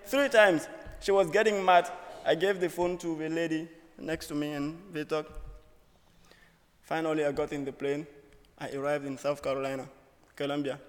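A young student speaker tells a personal story in an auditorium, his voice echoing through the hall. He speaks at a moderate pace with a fairly high, steady voice, delivering earnest, humorous lines in short phrases. There is slight background noise.

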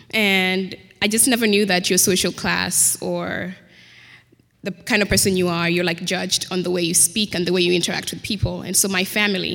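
A woman's voice: medium pitch, vocal fry, fairly bright tone. Young Kenyan woman, British-style English. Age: young adult. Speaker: student panelist. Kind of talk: panel discussion. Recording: reverberant hall.

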